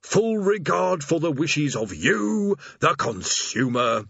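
A man doing a gloomy demon doorkeeper of hell, his rasping voice pitched up high and swinging all over the place. He drags slowly through a forced, polite welcome script, then sinks into a mournful grumble, all on a slightly dull, lo-fi audiobook recording. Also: big pitch swings, a bit bright, a little hiss or hum, full character voice. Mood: reciting stiffly. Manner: mournful, reciting a customer-service script through gritted teeth. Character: weary male demon doorkeeper of hell, put-upon, grumbling.

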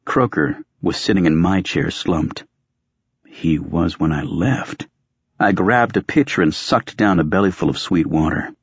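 Deep husky male audiobook narrator. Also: unhurried, dry recording, lo-fi sound. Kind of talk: first-person audiobook narration.

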